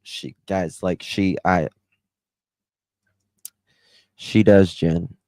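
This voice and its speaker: A man's voice: low-pitched, fairly even intonation, very slow, a little mellow, no room sound. A tired man, chatting casually with his livestream viewers and greeting them by name. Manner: chatty, drawling, talks to chat by name. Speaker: livestream host. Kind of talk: casual livestream chat reading comments.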